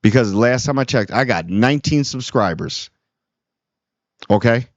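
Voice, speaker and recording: This man's voice is medium-pitched with lively intonation and an unhurried pace, recorded dull, dry, and lo-fi with no echo. As a small YouTube channel host, he earnestly rambles about kindness in a casual monologue, often restarting sentences.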